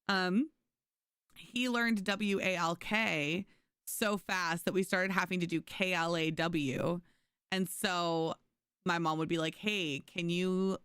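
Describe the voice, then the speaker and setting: A young adult woman streamer telling stories in casual chat with her viewers, animated and giggly. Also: lowish voice, clear, resonant tone, no echo, clean studio sound.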